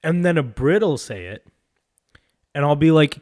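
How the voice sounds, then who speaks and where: A young man, co-hosting a podcast in a profane, animated rant. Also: on the high side, normal speed. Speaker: podcast co-host. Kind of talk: casual chat.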